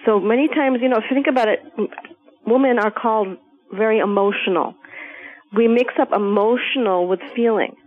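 A woman guest on a spiritual talk show, explaining ideas in a calm, measured way and sometimes playfully acting out voices. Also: a little high. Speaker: guest speaker. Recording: phone-like narrow sound.

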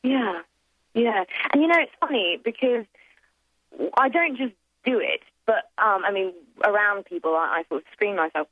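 A woman's voice: mid-range voice, expressive, moderate pace, no room sound. A woman guest in a casual interview, thinking aloud and reflective, full of fillers and restarts. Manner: reflective, chatty, many fillers and restarts, laughs often. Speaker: guest, accent performer. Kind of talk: casual interview on a phone line. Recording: tinny phone line, dry.

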